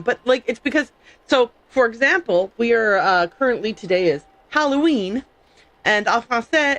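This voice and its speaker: A woman's voice: mid-range voice, animated, a little slow, a bit bright. A middle-aged woman streaming a story game, chatting playfully and laughing as she tells stories. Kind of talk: casual livestream commentary.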